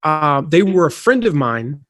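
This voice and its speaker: Chatty, animated man telling a story. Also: on the high side, measured pace, no room sound. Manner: animated, chatty, with frequent fillers and restarts. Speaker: podcast guest, affiliate marketing consultant. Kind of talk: casual conversational storytelling.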